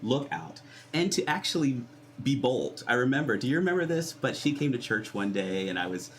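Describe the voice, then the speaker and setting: A man in a casual group conversation, an animated storyteller who acts out other people's lines. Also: brisk, a little hiss or hum. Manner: animated storyteller, jumps high when acting out others.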